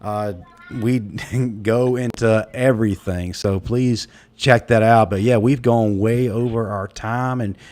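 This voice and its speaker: A man hosting a casual panel talk show, speaking in a relaxed way with many fillers. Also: fairly low pitch, slow. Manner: relaxed, lots of fillers and laughs. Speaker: podcast host.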